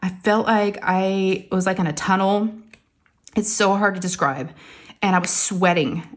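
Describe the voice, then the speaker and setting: A woman's voice: medium pitch, measured pace. A woman, casually telling a story to her viewers and acting out the quotes. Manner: animated, acts out quotes, addresses viewers as "y'all". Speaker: crafting vlogger.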